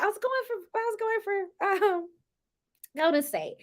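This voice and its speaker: Crowd noise sits behind a very high, lively voice moving at a moderate pace. It belongs to a Southern-accented American woman chatting live about a reality show, laughing a lot and addressing her audience as y'all.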